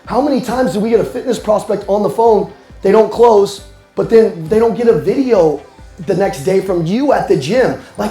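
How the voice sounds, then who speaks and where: A young man giving an animated, playful motivational sales talk to a live audience. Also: high-pitched, normal speed. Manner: animated, playful, addresses the crowd directly. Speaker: sales coach speaking live. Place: roomy hall with a live audience. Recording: echoey room with faint music.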